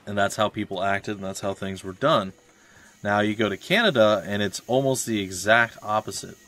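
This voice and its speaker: Young man with a lowish voice, chatty and ranty, streaming gameplay. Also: moderate pace, fairly bright tone. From Florida, USA. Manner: rambling, ranting asides. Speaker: let's play streamer. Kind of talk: casual gameplay chat.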